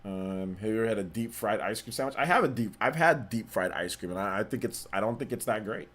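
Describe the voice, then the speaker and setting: A young man hosting a gaming livestream. He chats casually, reads out donations and viewer questions, and repeats himself in relaxed slang. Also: lowish voice, quick pace. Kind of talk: casual live-stream chat, reading donations and chat.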